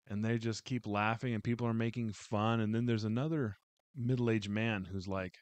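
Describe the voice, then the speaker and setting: A man's voice: mid-range voice, steady tone, normal speed, dry recording. A man giving a casual, heartfelt book review, rambling with many fillers and restarts.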